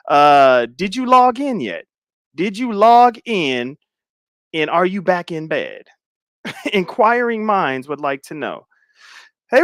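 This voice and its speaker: A middle-aged man hosts a casual livestream, greeting viewers and teasing them as he goes. His voice sits a little high and swings up and down. The sound is dry and close to the mic. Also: fairly bright tone, no room sound. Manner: playful, teasing, laughs often. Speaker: livestream host. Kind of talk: casual chat reading viewer comments.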